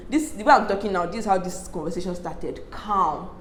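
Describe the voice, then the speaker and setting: A young Nigerian woman recaps reality show drama in a casual, animated chat, acting out what people said in lively asides and laughing often. Her mid-range voice moves fairly quickly with hardly any pauses. The room is echoey, with a little hiss or hum.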